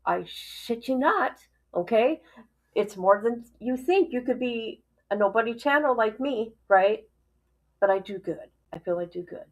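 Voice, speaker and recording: Exclaiming woman streamer, slightly high. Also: animated, measured pace, poor audio. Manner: exclaiming, laughing in disbelief. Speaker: livestream host. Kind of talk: casual reaction commentary.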